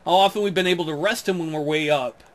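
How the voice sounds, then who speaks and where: A man's voice: a little high, fast talker, fairly bright tone. A man giving casual, jokey commentary over a football video game, often laughing.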